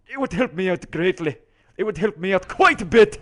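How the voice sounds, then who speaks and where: A man's voice: sits high, lively intonation, a little fast, fairly bright tone. A man as host, making amused, teasing asides during casual gaming commentary.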